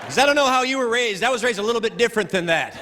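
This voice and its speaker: A man performing a stand-up comedy set, animated and full of character voices, before a live audience. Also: extremely high pitch, racing. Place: large hall with live audience. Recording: echoey hall, crowd laughter, noisy.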